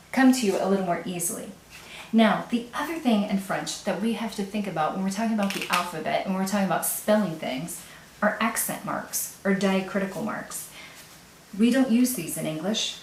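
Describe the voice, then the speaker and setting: Woman, patient teacher, step-by-step explaining, mid pitch, echoey room. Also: darkish tone, slight background noise. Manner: patient, explains step by step, often checks in with "right?". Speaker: French teacher. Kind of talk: video language lesson.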